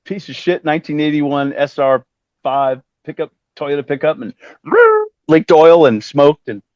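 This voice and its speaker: A man in his fifties telling stories casually as a musician guest, animated and acting out the voices of other people he quotes. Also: a little high, a little slow, dry recording. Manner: animated, acts out quoted voices, swears freely. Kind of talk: casual storytelling. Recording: dull dry lo-fi sound.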